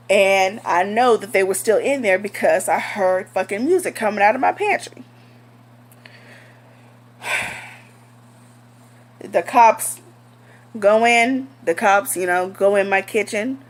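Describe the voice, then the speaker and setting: A young woman telling a storytime vlog in a blunt, heated, profane way. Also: medium pitch. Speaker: vlogger.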